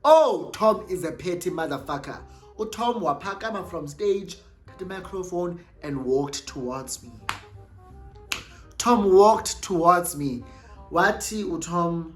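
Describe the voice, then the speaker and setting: A young South African woman telling a storytime vlog, animated and exclamatory, switching freely between languages. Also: on the low side, a little slow, faint music behind. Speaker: YouTuber.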